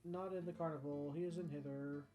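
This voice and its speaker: A man's voice: fairly high pitch, steady tone, a little fast, music in the background. A man narrating a tabletop game as game master, casual with frequent fillers.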